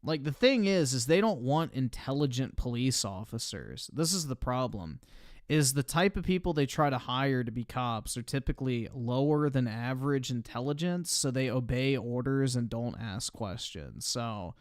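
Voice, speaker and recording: A man's voice: medium pitch, lively intonation, moderate pace, no echo, clean studio sound. Blunt, profane man streaming commentary. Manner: blunt, profane, offhand opinions. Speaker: streamer reacting to videos. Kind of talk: casual live-stream commentary.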